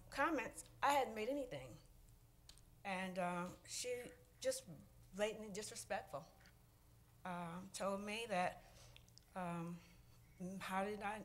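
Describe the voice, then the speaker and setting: Resident at the mic: emotional, halting woman, lots of fillers. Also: medium pitch, a little hiss or hum. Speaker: resident speaking at public comment. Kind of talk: public comment at a council meeting.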